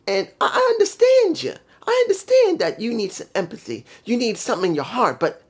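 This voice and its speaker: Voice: medium pitch, breathy edge, voice pushed up. A vlogger voicing a mocking male wrestler, delivered as sing-song teasing taunts.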